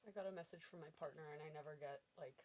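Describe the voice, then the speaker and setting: A woman guest on a podcast, talking quickly in casual chat. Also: low-pitched, a crowd in the background.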